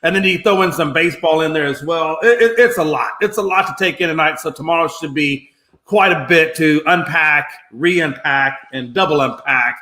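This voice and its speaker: A man hosting a sports talk show, energetic and steering the conversation along. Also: a little high, moderate pace. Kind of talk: casual sports banter. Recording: roomy echo.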